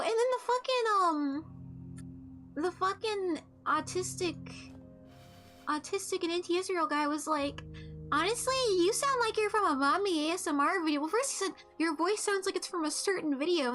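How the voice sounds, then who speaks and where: A woman's voice: sits high, a bit bright. A young woman streamer telling a story in a casual, blunt, joking way with frequent restarts and swearing. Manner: halting restarts, laid-back.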